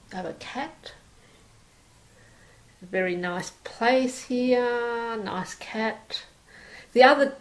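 A middle-aged Australian woman from Sydney, reading a passage aloud and then chatting about her life in a relaxed, hesitant way with many fillers. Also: medium pitch, low-quality recording. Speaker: performer reading a passage and talking about herself. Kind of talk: reading aloud, then casual personal talk.

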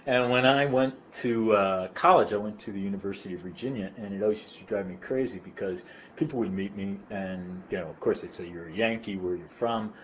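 Low-voiced man with a mild Long Island accent. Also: brisk, a little hiss or hum. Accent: mild Long Island New York. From Long Island, New York. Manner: relaxed, rambling, with fillers and soft laughs. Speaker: interviewee. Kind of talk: casual reminiscing. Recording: slightly dull recording with faint room ambience.

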